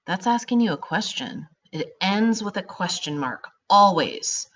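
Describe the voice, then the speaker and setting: A woman with a medium-pitched voice teaches children a grammar lesson at a measured pace. Upbeat and animated, she draws out her example sentences for effect.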